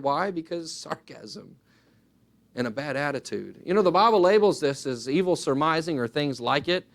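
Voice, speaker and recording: A man preaching a sermon, earnest and emphatic, swinging his pitch widely and acting out little dialogues as he goes. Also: lively intonation, moderate pace.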